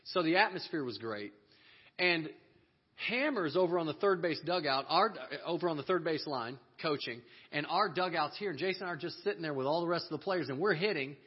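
A man with a husky, slightly high voice tells a personal story with plenty of energy. He laughs often and acts out each person he quotes. The audio is dull and lo-fi. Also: animated, fairly quick. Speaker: speaker telling a story to a church audience.

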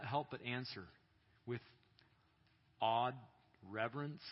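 A man preaching at a youth conference, retelling a story with dramatic pauses and acted-out voices. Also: mid-range voice, husky. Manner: dramatic storytelling, acting out quoted prayers and voices. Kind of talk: sermon. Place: large hall. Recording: echoey hall, dull sound.

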